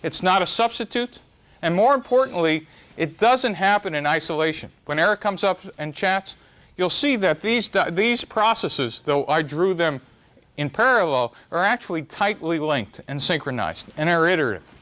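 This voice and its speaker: A middle-aged man giving a live lecture on startups to an audience, wry and self-deprecating, with lively swings in pitch. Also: moderate pace. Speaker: speaker giving a startup talk.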